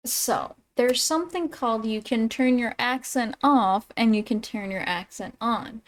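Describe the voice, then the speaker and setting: A woman from Toronto, a streamer, chatting casually and excitedly as she reacts, laughing and exclaiming often. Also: on the high side, a little slow, few pauses. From Toronto, Canada. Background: song playing quietly.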